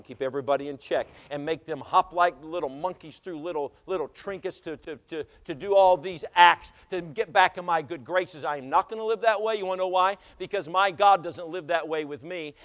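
A man preaching a sermon as pastor, swinging from loud exhortation to hushed asides and telling stories from the pulpit. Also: fairly high pitch, fairly quick, hardly any pauses. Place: church sanctuary.

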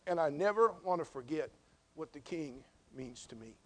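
Preacher doing an orphan boy in a story: hushed, earnest, humble, with a highish voice. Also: animated, moderate pace, slight background noise.

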